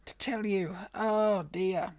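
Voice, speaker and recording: A woman's voice: mid-range voice, steady tone, slow, a little mellow, no echo, natural voice. A woman playing a flustered, scatterbrained older woman who rambles and stumbles over her words in a comedy podcast. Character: flustered older woman, a would-be reality contestant.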